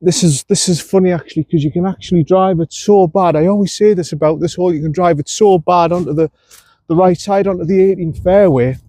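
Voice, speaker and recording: Male golf vlogger, high mellow voice, casual self-talk on the course. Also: a little fast, no room sound. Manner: talks to himself and the viewer between shots, self-coaching.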